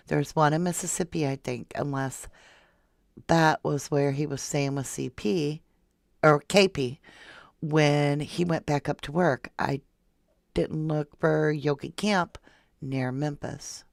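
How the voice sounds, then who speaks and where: A woman's voice: low voice, fairly even intonation, measured pace, creaky, a little mellow, no echo, studio quality. A woman from Florida hosting a casual true crime livestream, chatting and reading viewer comments aloud. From Florida, USA. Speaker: true crime channel host.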